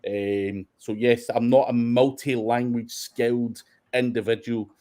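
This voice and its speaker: A man's voice: medium pitch, level tone, unhurried, mellow. A Scottish man hosting a casual question-and-answer session, talking bluntly with plenty of swearing and short laughs. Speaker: host of SEO Q&A. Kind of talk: casual livestream Q&A.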